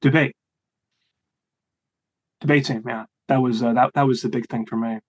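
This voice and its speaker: A man's voice: mid-range voice, normal speed, low-quality recording. Rambling young man. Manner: rambling, animated, frequent restarts. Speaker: guest. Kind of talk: casual interview chat.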